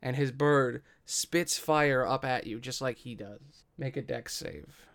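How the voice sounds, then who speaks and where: A man narrating as game master of a tabletop game, measured and deliberate, with the odd swear. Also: mid-range voice, a bit bright.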